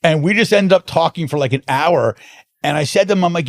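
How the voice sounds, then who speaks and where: Gravelly man telling a story. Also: fairly high pitch, brisk. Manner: animated anecdotes with frequent restarts. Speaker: guest, wine importer. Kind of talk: storytelling in a casual interview.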